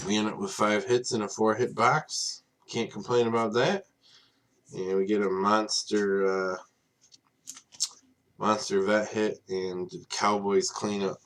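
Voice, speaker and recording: A man hosting a live card break stream, reading off players and teams in a casual, tired way, apologizing for yawning late at night. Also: lowish voice. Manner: reads off names in a steady list.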